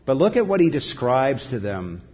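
A man's voice: mid-range voice, big pitch swings, normal speed, muffled recording. Earnest middle-aged male pastor preaching. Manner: earnest, sometimes drops to a soft hush. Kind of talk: sermon.

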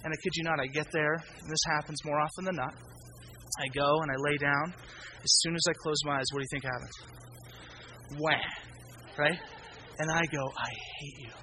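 A young man preaching a sermon as pastor, telling stories with sudden swings between loud emphasis and hushed asides. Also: on the high side, brisk, noisy background. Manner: lively storytelling with sudden loud and quiet turns.

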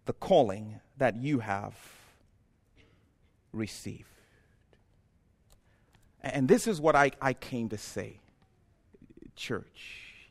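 A man preaching a sermon in a church, building from quiet, reflective passages to impassioned, near-shouted peaks. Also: medium pitch, drawn-out words, vocal fry, long pauses. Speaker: pastor.

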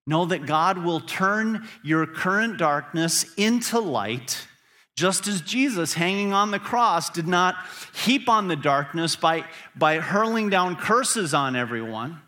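A man's voice: high-pitched, animated, slow pace, pushed and bright. A man preaching a sermon as pastor, earnest and building to emphatic peaks.

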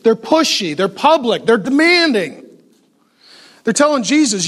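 Man preaching, really high voice, emphatic, fires off rhetorical questions and little jokes. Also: sing-song, a little slow, pauses often, fairly bright tone. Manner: joking asides to the audience. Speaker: pastor. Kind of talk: sermon.

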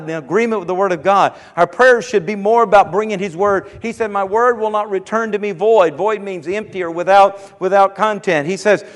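A man preaches with a notably high voice, driving his points home through repetition and building to fervent calls. The sound carries a long reverb, as if recorded in a church hall. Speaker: pastor. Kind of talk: sermon.

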